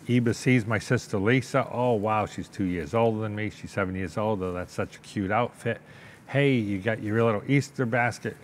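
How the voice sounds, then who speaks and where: Older New man, low voice, animated storyteller who does the voices, faint hum under the recording. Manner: animated storyteller, acts out voices, keeps asking "okay?". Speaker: interview guest, business owner. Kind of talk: storytelling in a sit-down interview.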